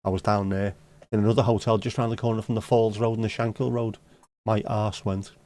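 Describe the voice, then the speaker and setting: A man with a fairly low, mostly flat voice that's a little fast and a little mellow hosts a livestream from home. He's a Scouser from Liverpool, England, answering viewer comments in casual chat full of blunt, sweary banter and dry jokes.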